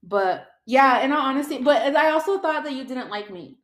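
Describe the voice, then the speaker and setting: A woman's voice: high-pitched, expressive, normal speed. A young woman hosting a loose, casual podcast chat with a friend. She swears freely and laughs often. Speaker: podcast host. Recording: echoey room.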